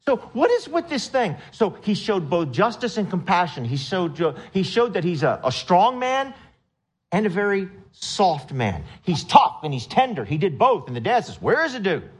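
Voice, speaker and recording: A man preaching a sermon, retelling a story with lively acted-out quotes and questions to the congregation. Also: high-pitched, moderate pace. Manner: animated storytelling, acts out quotes in raised voice. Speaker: pastor.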